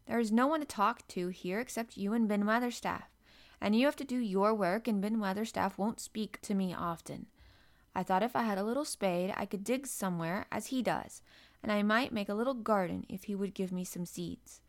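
A woman's voice: medium pitch, normal speed, close to an everyday voice. A woman voicing a lonely, earnest little girl who speaks in a wondering way.

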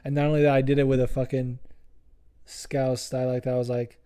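A man's voice: medium pitch, fairly even intonation, moderate pace, warm tone. A man hosting a solo podcast in a rambling, profane, casual chat, often correcting himself. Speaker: podcast host.

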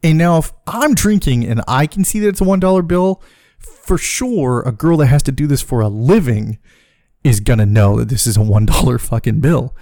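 Profane, animated man telling a story. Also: mid-range voice, normal speed, no echo, clean studio sound. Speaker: podcast host. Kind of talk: comic personal storytelling.

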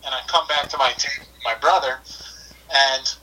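A man's voice: medium pitch, steady tone, normal speed, sharp tone, distant mic, low-quality recording. A man telling a funny personal story in a casual, chatty way, full of "like" and "I was like".

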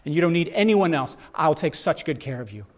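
A middle-aged man preaching in an animated, conversational way and often turning to his listeners with asides. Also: on the high side, fairly quick. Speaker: pastor. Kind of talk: sermon.

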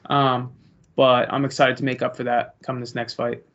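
A man's voice: mid-range voice, little pitch movement, moderate pace, creaky, a bit bright. A young man, a pro fighter, casually answering interview questions in a rambling, easygoing way. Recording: lo-fi muffled audio.

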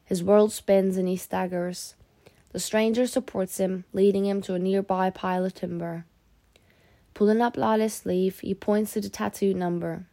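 A woman narrating a novel in a steady, grave reading voice. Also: mid-range voice, moderate pace, no room sound. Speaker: audiobook narrator. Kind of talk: scripted narration.

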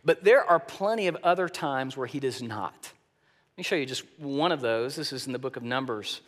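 A male pastor preaching a sermon, telling scripture stories with animated swings in pitch and loudness. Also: normal speed, long reverb tail.

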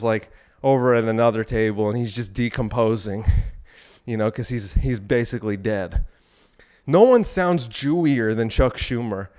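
A man's voice: medium pitch, clean tone. Young male podcast host, mid-range voice, crude rambling rant, mid-workout. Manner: crude, ranting, profane, with frequent asides; talking while exercising on an elliptical. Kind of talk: rambling solo podcast talk.

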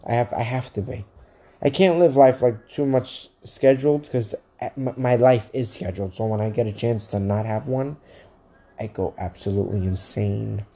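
A man co-hosting a podcast, telling a profane, animated story in casual chat. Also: medium pitch, moderate pace. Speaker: podcast co-host.

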